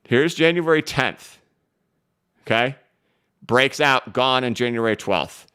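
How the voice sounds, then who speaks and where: Smooth and medium in pitch, this male voice belongs to a crypto market analyst running a live stream. He speaks quickly and forcefully, full of energy, while going over charts and answering questions from viewers.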